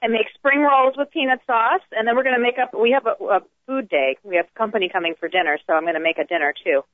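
A woman's voice: a little high, quick pace, no echo. Chatty woman chef on a phone line. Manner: chatty, easygoing. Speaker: guest chef. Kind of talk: phone-in interview.

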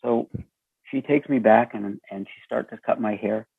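A man with a raspy voice telling a story as an interview guest, acting out the dialogue with lively shifts. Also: fairly low pitch, normal speed, dry recording. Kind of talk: storytelling conversation. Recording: tinny phone line.

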